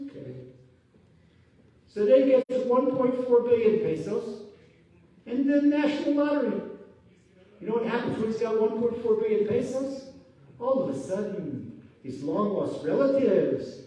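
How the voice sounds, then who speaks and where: A rabbi giving a Torah lesson, telling stories with lively voiced quotes. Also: male voice, very high voice, normal speed. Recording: echoey hall from far off.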